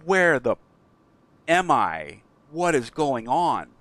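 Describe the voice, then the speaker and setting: A man's voice: fairly low pitch, animated, normal speed, pushed and bright, no room sound. A man doing a lovesick, flustered circus clown. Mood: panicked. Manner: pleading, flustered, stammering. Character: timid young male circus clown, lovesick.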